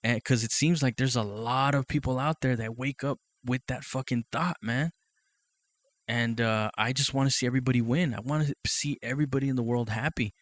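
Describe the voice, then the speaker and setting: A man's voice: medium pitch, fairly even intonation, a little fast, no echo. Casual, rambling podcast host man. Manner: profane, rambling, leans on "you know what I mean"; laughs often between thoughts. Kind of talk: casual monologue.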